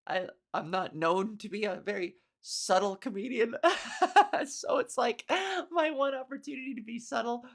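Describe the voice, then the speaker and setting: A woman comedian hosting her own podcast, ranting casually with sarcasm, profanity and quick laughs. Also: fairly high pitch, gravelly. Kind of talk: casual solo podcast rant.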